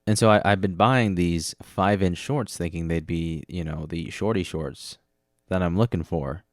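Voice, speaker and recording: A man's voice: low-pitched, normal speed, no room sound. A man hosting a podcast in a rambling, self-mocking, joking chat on a close mic. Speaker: podcast host. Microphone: close studio mic with headphone monitoring.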